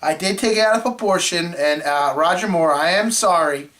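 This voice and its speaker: A man co-hosting a movie review show, telling a rambling story in casual chat and clearing his throat often. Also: sits high, moderate pace, a bit bright. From Florida.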